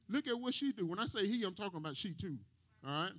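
A man preaching from the pulpit with an unusually high, sharp voice. He talks plainly and casually, and he keeps checking in with the congregation with questions like "right?" His tone is bright and forceful throughout. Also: expressive, quick pace. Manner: call-and-response preaching, asks the congregation questions. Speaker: pastor. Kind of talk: sermon.

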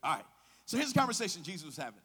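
A man preaching a sermon in a lively, conversational way, asking the congregation questions and using slang. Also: high-pitched, very fast, breathy edge.

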